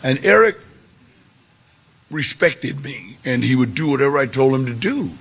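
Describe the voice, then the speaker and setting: A man telling a personal story to an audience, animated, with gravelly voice-play in the quotes. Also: mid-range voice, normal speed. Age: 40s or older. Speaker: guest storyteller.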